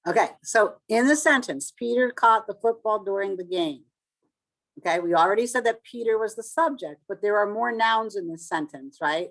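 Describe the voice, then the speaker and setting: A woman teacher in casual classroom talk, chatty, calling on students and making quick asides. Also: medium pitch, a bit bright.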